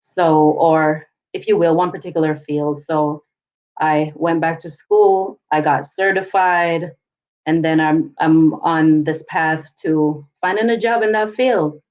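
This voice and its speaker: A woman author and poet, a guest telling her own story calmly and reflectively. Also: low voice, lo-fi sound. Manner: calm and reflective, measured. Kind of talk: interview, personal story.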